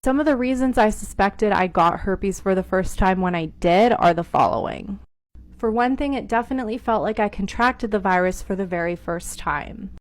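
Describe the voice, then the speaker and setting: A woman's voice: mid-range voice, normal speed, no echo. A woman explaining her experience to camera point by point. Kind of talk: informative vlog talk.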